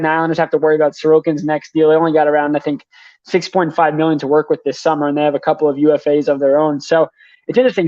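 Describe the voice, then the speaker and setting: A young man, a hockey reporter, rattling off names and contract figures in quick sports analysis. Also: a little high, darkish tone, dry recording, dull audio. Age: young adult. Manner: rapid, rattles off names and numbers.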